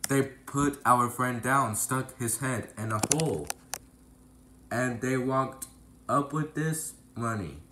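A man's voice: mid-range voice, expressive, slow, bright, forceful tone, reverberant, slight background noise, poor audio. A man narrating a rhyming storybook tale in a sing-song delivery.

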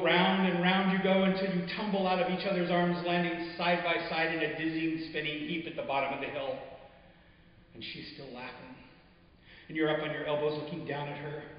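A man reading his own short stories aloud at a live event, in a measured, intimate way that sinks softly at quiet moments. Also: a little high. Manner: measured, intimate storytelling with soft drops. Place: arts venue stage, before an audience. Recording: echoey hall, dull muffled sound.

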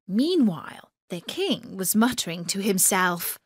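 A woman narrating a children's story for English learners in a clear, expressive way. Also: medium pitch, slow pace, no room sound.

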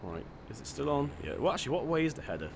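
A man's voice: mid-range voice, sing-song, racing, vocal fry, noisy background. Chatty man narrating his gameplay. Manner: chatty, self-deprecating, thinks aloud. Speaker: gaming channel host. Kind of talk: casual let's-play commentary.

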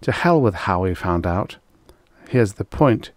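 A man's voice: fairly low pitch, lively intonation, unhurried, no echo, clean studio sound. A man voicing an anxious young male hunter on an alien world, arguing in a tense, urgent way. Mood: worried. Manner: anxious, argumentative.

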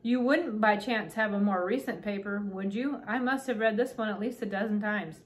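A woman's voice: mid-range voice, normal speed, close to an everyday voice. A woman reading aloud and voicing a tiny, fussy, pompous male king who talks in a raised, peevish way.

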